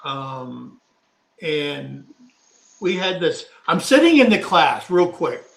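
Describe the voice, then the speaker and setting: Slow-talking man telling a story. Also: fairly high pitch, big pitch swings, vocal fry. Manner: rambling anecdotal, acts out quotes. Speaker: co-host of a live talk show. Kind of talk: casual storytelling chat. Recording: echoey room.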